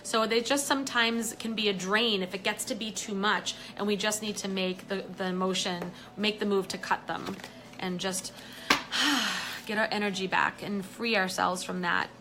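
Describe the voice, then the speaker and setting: A woman's voice: medium pitch, steady tone, normal speed, sharp tone, slight background noise. A woman giving a live angel card reading in a chatty way, often saying "you know" and greeting viewers as she goes.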